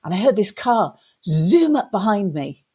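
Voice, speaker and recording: Animated British woman telling a story. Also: mid-range voice, measured pace, husky. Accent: British English. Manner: lively animated storyteller, acts out quotes. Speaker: guest. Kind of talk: storytelling interview.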